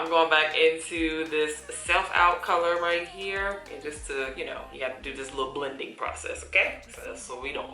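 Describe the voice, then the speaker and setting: A woman's voice: deep voice, vocal fry, pushed and bright. A woman in her thirties chatting casually while doing her makeup, laughing often and using folksy slang. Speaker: beauty vlogger. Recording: echoey room with faint music.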